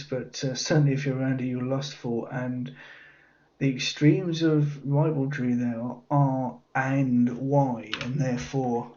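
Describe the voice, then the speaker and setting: A man with a darkish, mid-range voice puzzles over a cryptic crossword, half-muttering the clues as he thinks them through. The audio is dull and lo-fi.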